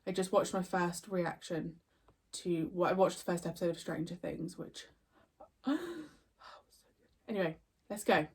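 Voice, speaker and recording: A woman's voice: fairly low pitch, lively intonation, slow, gravelly, pauses often, breathy edge, recorded from a distance. A woman in her thirties hosting a reaction video, chatty and bubbly, rambling casually. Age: 30s. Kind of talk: casual chat.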